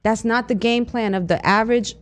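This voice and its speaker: A woman's voice: fairly high pitch, steady tone, a little fast, a crowd in the background. A woman co-hosting a radio show in casual chat, outspoken and emphatic, with some street slang. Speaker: radio co-host and youth worker. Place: radio studio.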